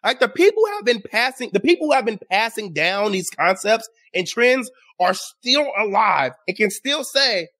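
Man, high-pitched, show host, casual commentary, sarcastic, exasperated. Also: big pitch swings, normal speed, hardly any pauses, pushed and bright. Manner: sarcastic, exasperated, talks straight to the audience.

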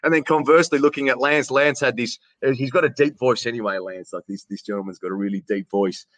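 A man's voice: mid-range voice, fairly even intonation, quick pace, fairly bright tone, no room sound. A man with an Australian accent, a ring announcer telling stories in a casual interview, chatty, often restarting and calling the host "mate".

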